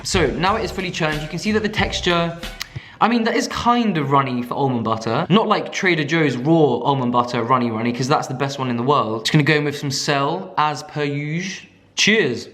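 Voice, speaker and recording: A man's voice: on the high side, lively intonation, a little fast, a bit bright. Chatty young man vlogging his food. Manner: chatty, enthusiastic, self-mocking. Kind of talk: casual chat to camera.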